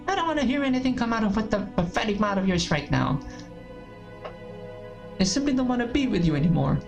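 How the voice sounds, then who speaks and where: Animated woman voicing a game playthrough. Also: mid-range voice. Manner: blunt and profane, animated. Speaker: let's-play host. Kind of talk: voice-acted reading of a visual novel.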